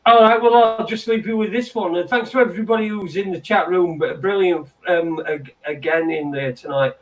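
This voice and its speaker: A man hosts a loose late-night chat show in a high voice, stammering, repeating himself and swearing freely. He sits well back from the mic. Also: steady tone, fairly quick. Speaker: host. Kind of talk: casual banter. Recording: distant from the mic.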